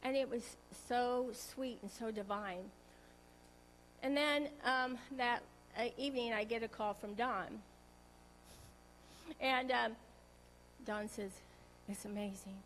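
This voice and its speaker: A woman sharing an emotional personal testimony in a church talk, earnest and halting, often restarting her sentences. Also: fairly high pitch, fairly even intonation, a bit bright, slight background noise, low-quality recording.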